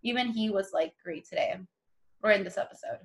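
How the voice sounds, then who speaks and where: A woman's voice: medium pitch, brisk. A young woman co-hosting a podcast, chatting casually and animatedly about a TV show, with lots of "like.". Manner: chatty, animated, acts out quotes with many "like"s. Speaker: podcast co-host.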